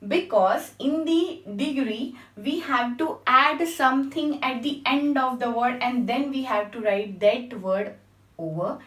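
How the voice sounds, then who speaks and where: A woman's voice: sits high, a bit bright. A woman teaching a grammar lesson, patiently spelling out letters and checking with her class. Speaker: English teacher. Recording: echoey room, mic at a distance.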